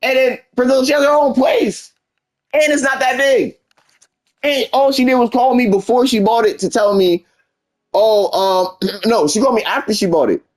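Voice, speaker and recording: A young man with a very high voice streams at a moderate pace, venting casually. His frustrated personal story rambles along as he performs the quoted back-and-forth from both sides.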